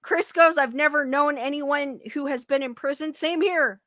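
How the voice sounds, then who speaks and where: Woman streamer reading chat, defensive and giggly; high bright voice, dry close sound. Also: normal speed, no room sound. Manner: defensive, laughs often, restarts sentences. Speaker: livestream host reading chat. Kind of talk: casual livestream chat.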